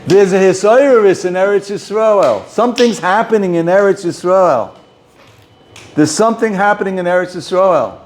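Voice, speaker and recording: A man's voice: high voice, moderate pace, darkish tone. A man, a rabbi, giving an informal talk to a small group, often repeating and restarting words.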